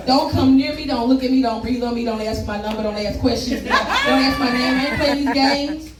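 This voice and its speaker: Blunt, rhythmic woman poet, echoey room. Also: sits high. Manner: rhythmic, blunt and profane, with laughing asides to the crowd. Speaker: spoken word poet. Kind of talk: live spoken word poetry performance. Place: live poetry event room with an audience. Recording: echoey room, distant mic, background noise.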